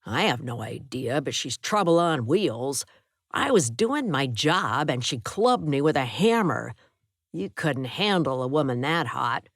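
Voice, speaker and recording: A woman reading an audiobook voices a gruff, bitter male patient who talks in a sarcastic, mocking way. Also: a bass voice, big pitch swings, a little slow, dry recording, clean studio sound, heavily acted.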